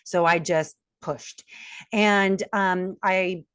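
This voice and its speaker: A woman's voice: on the low side, steady tone, very slow, a bit bright, clear, resonant tone, dry recording, studio quality. A woman in her forties, a guest coach, telling her life story candidly and acting out the voices she quotes. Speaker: guest, self-mastery coach.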